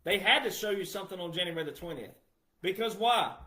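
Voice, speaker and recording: A man's voice: high-pitched, a little fast, bright, forceful tone. Emphatic man lecturing in an echoey room. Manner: emphatic, repetitive, addresses the audience directly. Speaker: commentator. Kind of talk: casual monologue to viewers.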